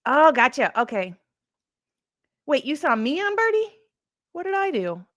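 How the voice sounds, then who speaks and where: A woman's voice: sits high, very animated, measured pace, fairly bright tone, no echo, studio quality. A woman hosting a casual true crime livestream, chatting in a rambling way and answering comments from her live chat. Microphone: streaming setup.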